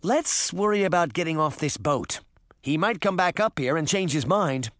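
A man's voice: a little high, animated, normal speed, fairly bright tone, dry recording. A man voicing a determined young girl. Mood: earnest. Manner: urgent, earnest. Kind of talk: audiobook character voice.

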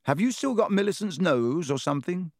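Man doing an eager teen boy, pitched up, kinda loud and pushy. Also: expressive, fairly quick, dry recording, studio quality. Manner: eager, urgent. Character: excitable, worried teenage schoolboy.

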